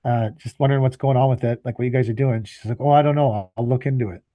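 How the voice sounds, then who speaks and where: Man, podcast co-host, tired and fed up, swearing rant, mellow tone, dry close sound. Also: medium pitch, steady tone, fast talker, dry recording. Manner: exasperated, swears often, acts out both sides of phone calls. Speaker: podcast co-host, landscaping business owner. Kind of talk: casual storytelling rant.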